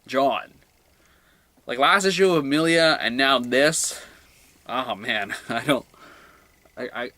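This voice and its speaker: A young man giving a casual solo comic book review, rambling and excitable, often trailing off quietly. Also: on the low side.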